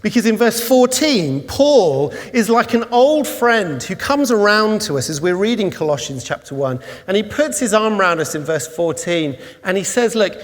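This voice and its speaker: Male preacher, animated storyteller, high-pitched, with a long reverb from the church. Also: moderate pace, hardly any pauses. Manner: animated storytelling, rising to excited peaks. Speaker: pastor. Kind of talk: sermon.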